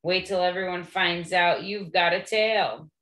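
A woman's voice: lowish voice, steady tone, measured pace, a bit bright. A woman reading aloud as a spiteful, gloating girl ghost in a storybook. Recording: echoey room.

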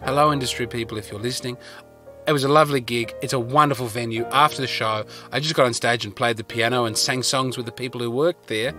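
Parked in his car, an Australian comedian and podcaster chats through a meandering funny story at his own expense. He talks quickly in a sharp, medium-pitched voice, with faint music behind him.

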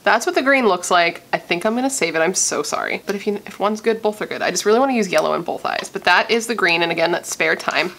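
A young woman from Missouri chatting casually and gushing as she does a makeup tutorial, thinking out loud. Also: medium pitch, fast, few pauses, a little hiss or hum. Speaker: beauty vlogger.

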